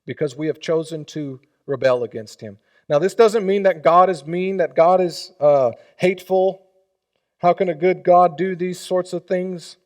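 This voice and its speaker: Male pastor, sermon delivery, slightly high pitch, dynamic swings from loud to hushed. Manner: leads the congregation in call and response.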